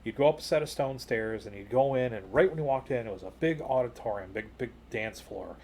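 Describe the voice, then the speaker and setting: A man co-hosting a podcast, relaxed and chatty as he tells a long story, padding his sentences with "you know" and "like". His voice sits in an ordinary middle register. At the exciting beats he leaps upward and gets louder. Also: brisk, slight background noise. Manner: jumps higher and louder when retelling excited moments. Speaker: podcast co-host. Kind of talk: casual storytelling chat.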